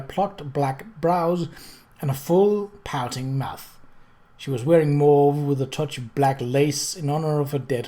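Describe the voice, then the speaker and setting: A woman narrating a novel in a measured, even reading voice. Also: sits low. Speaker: audiobook reader. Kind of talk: storybook narration.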